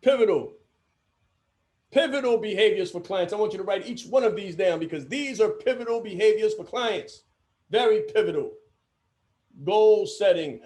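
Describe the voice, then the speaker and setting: A man's voice: sits high, darkish tone. A man giving a training lecture to coaches, emphatic and given to repeating his key phrases.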